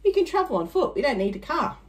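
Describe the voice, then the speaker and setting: A strange but kindly old man living in a castle, wise and quick to help, as a woman reading aloud puts him on. He speaks in a prompt, helpful way. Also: sits high, big pitch swings, pitched above the performer's own voice.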